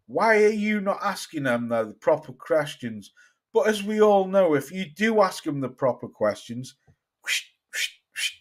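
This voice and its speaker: A man with a London accent hosting a casual live stream about boxing, answering viewers and swearing freely as he gives his opinions. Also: on the high side. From England. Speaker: boxing channel host.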